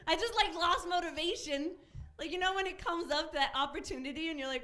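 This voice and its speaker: Thirty-something woman doing stand-up, high bright voice, giggles a lot, chatty. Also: a little fast. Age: 30s. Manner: giggly, chatty, laughs between lines. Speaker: stand-up comedian. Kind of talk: stand-up comedy set. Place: comedy club stage.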